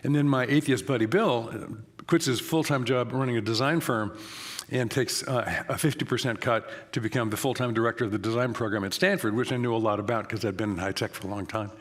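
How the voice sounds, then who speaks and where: An older man in his seventies talks fast, at an ordinary pitch for a man. He tells stories with energy and plays out the back-and-forth of conversations himself. His delivery is lively and quick. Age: 70s. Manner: rapid, animated storyteller acting out dialogue. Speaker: author and guest speaker. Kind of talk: storytelling interview answers.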